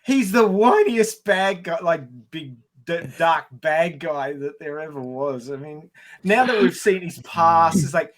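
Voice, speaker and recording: A man co-hosting a podcast in casual chat, animated and laughing often, restarting sentences as he talks. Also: a little high, a little slow. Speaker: podcast co-host.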